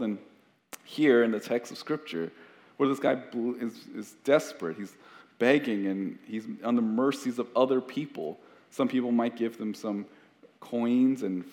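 Man of middle pitch as pastor giving an earnest, loosely conversational sermon in a reverberant hall. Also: moderate pace, darkish tone. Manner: earnest, conversational, with frequent restarts.

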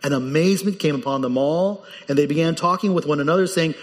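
A man preaching a sermon as the pastor, animated and lively, his voice jumping up when he quotes people in the story. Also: on the high side, fast talker, few pauses, big-room sound.

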